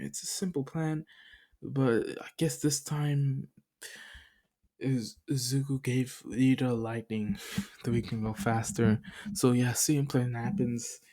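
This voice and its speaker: A man's voice: mid-range voice, fairly even intonation, takes it slowly, dark tone. A man casually recapping a fan story as a channel host, rambling with many fillers and laughing at himself.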